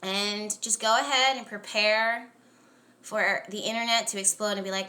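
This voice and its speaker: A woman hosting a casual live astrology chat on a stream, talking chattily with lots of "like"s, quick laughs and emphatic rants. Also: mid-range voice, sharp tone. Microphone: phone or webcam on a live stream.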